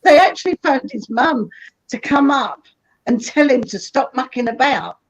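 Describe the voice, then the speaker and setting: Appearing as a guest on an interview show, a comedian's wife casually tells anecdotes about her husband. Her voice sits high and is animated and slightly rough, at a moderate pace, and the recording has a dull, lo-fi sound.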